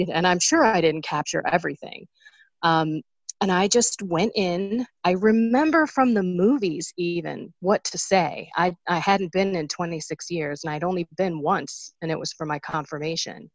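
A woman in her forties tells her story in an earnest, emotional way, her voice sitting low with a gravelly fry. The sound is close and dry, with no room around it. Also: no room sound. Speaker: guest sharing a faith story. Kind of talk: personal testimony in an interview.

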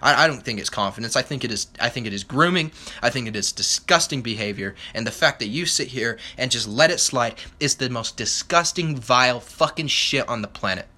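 Young man, solo podcast rant, angry and profane, sharp bright voice. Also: medium pitch, expressive, a little fast, hardly any pauses. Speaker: podcast host.

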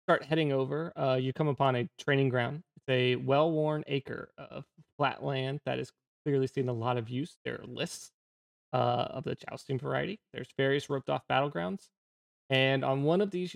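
A man with a mid-range voice and some vocal fry narrates a tabletop game as game master. His delivery is casual and halting, heavy with fillers and restarts. The recording has no room sound.

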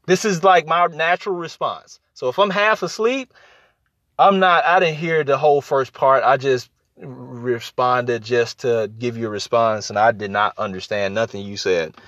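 A man's voice: mid-range voice, moderate pace, fairly bright tone, no echo, muffled recording. A man talking casually about listening in relationships, repeating his points and acting out little exchanges as he goes. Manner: conversational, repeats phrases for emphasis, acts out quoted exchanges. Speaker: podcast host. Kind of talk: casual advice talk.

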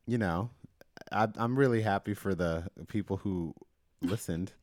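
A man's voice: low-pitched, a little slow, a little mellow, dry recording. A man co-hosting a podcast in casual, chatty talk, laughing often. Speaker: podcast co-host. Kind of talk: casual chat.

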